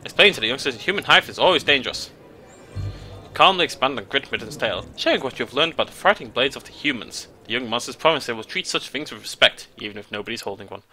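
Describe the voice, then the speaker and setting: A young British man hosting a game let's play, reading the game's text aloud in a playful, jokey way with sudden leaps in pitch. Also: animated, fast talker, sharp tone, soft background music. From Britain.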